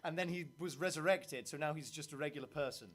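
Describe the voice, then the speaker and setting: A man's voice: a little high, fast, a bit bright. A man playing in a live tabletop game, joking in character and laughing often. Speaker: player. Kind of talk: playful in-character banter.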